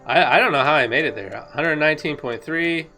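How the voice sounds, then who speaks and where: A woman talking casually over her own gameplay footage, excitable and rambling, laughing often. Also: sits low, a little fast, soft background music. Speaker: gaming video creator.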